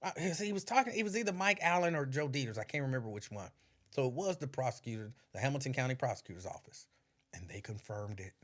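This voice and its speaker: A fast-talking man with a mid-range voice and a Cincinnati-area accent hosts a casual podcast livestream. He once worked in radio, and he recounts those years with animated storytelling and frequent laughter.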